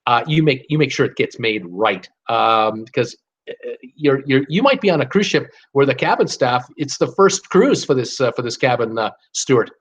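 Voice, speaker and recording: A man's voice: mid-range voice, animated, moderate pace, breathy edge, muffled recording. An older man hosting a live cruise talk, giving blunt, fired-up advice in a ranting manner. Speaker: cruise vlogger host.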